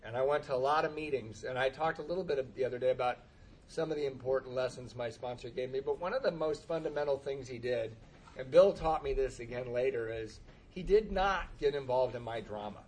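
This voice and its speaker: A man shares a humorous story about his own recovery, acting out the dialogue and often laughing at himself in a self-deprecating way. His mid-range voice has a darkish tone and runs a little fast, with slight background noise.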